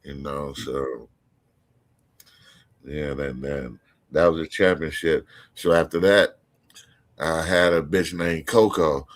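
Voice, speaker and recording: A man's voice: very deep voice, steady tone, slow pace, long pauses, no room sound. A man telling a long, rambling story as a podcast guest, swearing freely and restarting his sentences.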